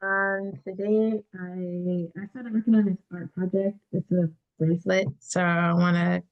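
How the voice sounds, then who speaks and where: A woman sharing her plans with a group in a plain, unhurried, slightly hesitant way. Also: lowish voice, level tone, lo-fi sound. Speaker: group member.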